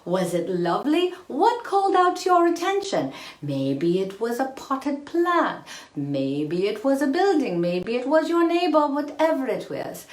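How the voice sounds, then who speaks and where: A woman talks to her viewers on a phone livestream from a bathroom, and the small hard room gives her voice a clear echo. She speaks in a high, swooping voice, unhurried and affectionate, and calls everyone darling. She is playful and expressive, with easy laughs in her chat. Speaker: self-care vlogger. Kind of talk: live-streamed casual self-care talk. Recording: roomy, echoey bathroom sound.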